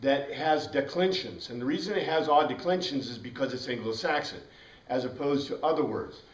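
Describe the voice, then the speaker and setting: A man's voice: mid-range voice, moderate pace. A man teaching a Bible class in a casual, rambling way, spelling out words letter by letter. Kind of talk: informal classroom lecture. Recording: roomy classroom heard from a distance.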